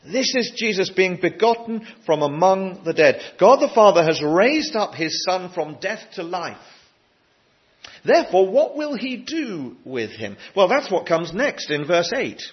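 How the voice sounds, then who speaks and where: Guy preaching, fairly high voice, emphatic, muffled lo-fi sound. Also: sing-song, measured pace, slightly rough. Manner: earnest, emphatic, with frequent restarts. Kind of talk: sermon.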